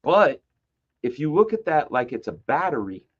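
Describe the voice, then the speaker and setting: A man's voice: fairly high pitch, normal speed, husky, muffled recording. A man telling stories in a casual podcast chat, swearing freely and acting out what others said. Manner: animated storyteller, swears, acts out quotes. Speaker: comic book artist guest.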